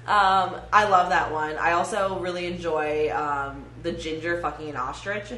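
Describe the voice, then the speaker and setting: A woman's voice: lowish voice, steady tone, normal speed, hardly any pauses, a bit bright. A woman co-hosting a casual podcast chat who giggles often and quotes catchphrases. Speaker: podcast co-host. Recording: roomy echo, faint ambient hiss.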